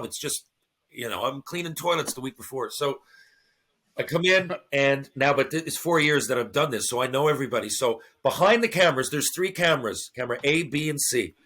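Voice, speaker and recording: A middle-aged man, a podcast guest, telling a story in casual, profane talk and acting out the voices of the people in it. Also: mid-range voice. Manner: profane, animated, acts out quoted voices.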